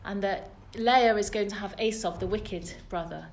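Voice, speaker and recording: Her mid-range voice moves at a moderate pace as she, a British religious teacher, delivers a women's Torah class. She tells the story to the live group with earnestness and emphasis, her British English accent clear. The space has noticeable echo.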